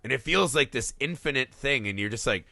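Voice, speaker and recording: A man co-hosting a film podcast in a casual, animated chat, swearing freely and acting out lines from the movie. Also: mid-range voice, fairly quick, vocal fry, no room sound. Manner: animated, swears, acts out quotes in put-on voices. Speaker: podcast co-host.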